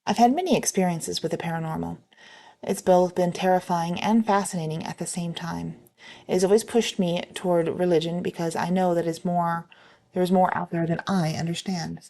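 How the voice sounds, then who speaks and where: Low gravelly woman reading stories. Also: moderate pace. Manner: plain, steady reading with a few slips and restarts. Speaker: reader of online stories. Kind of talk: reading posts aloud.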